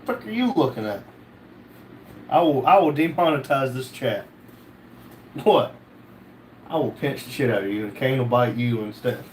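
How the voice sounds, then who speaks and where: A man's voice: medium pitch, moderate pace, long pauses, slight background noise. A man hosting a casual livestream, reading out chat comments and joking back.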